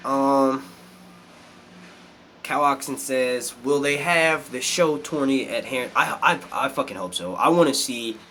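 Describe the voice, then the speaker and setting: A man hosting a casual live stream, animated and swearing a lot as he reads out chat comments. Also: medium pitch, measured pace, a little hiss or hum. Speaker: youtube live stream host.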